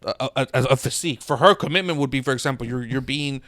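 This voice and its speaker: A man co-hosting a casual podcast chat who argues fast and keeps saying "bro". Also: mid-range voice, a bit bright, no room sound, clean studio sound. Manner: rapid, argumentative, says bro a lot. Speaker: podcast co-host.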